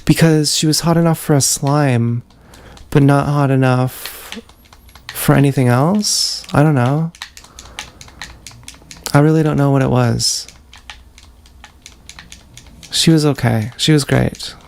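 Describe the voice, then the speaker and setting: Gravelly and darkish, with a mid-range pitch, a man delivers a rambling, confessional livestream monologue full of halting restarts. It's filmed on an action camera, faint noise audible behind him.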